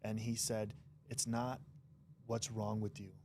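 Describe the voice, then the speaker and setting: A man's voice: on the low side, little pitch movement, slow pace, noisy background. A man being interviewed as a podcast guest, talking frankly and directly. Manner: frank and direct, with some swearing. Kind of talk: casual conversational interview.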